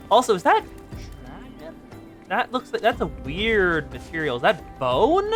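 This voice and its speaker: Game streamer, casual and chatty, middling pitch. Rambles to chat between reactions to the game. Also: wildly swooping pitch, unhurried, fairly bright tone, faint music behind. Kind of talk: casual live-stream commentary.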